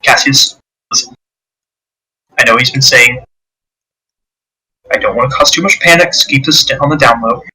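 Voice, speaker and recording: A man voicing an anxious town governor who speaks in a hurried, hushed and pleading way. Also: medium pitch, husky, poor audio. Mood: urgent.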